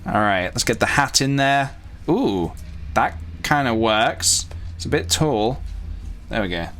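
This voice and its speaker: A man talks loosely to his viewers as he works on a drawing, thinking out loud and drifting into side comments. His pitch sits in an ordinary middle range for a man, and the delivery stays relaxed and unscripted. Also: unhurried, slight background noise. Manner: rambling, self-talking, playful asides. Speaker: youtuber drawing on stream.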